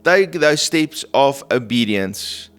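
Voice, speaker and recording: A man in the middle of his voice, teaching a sermon in an earnest, gentle way and pausing to check in with listeners. Faint music plays underneath. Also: mid-range voice, animated, clean tone. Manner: gentle, earnest, frequent "okay?" and "right?" checks. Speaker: prophetic minister.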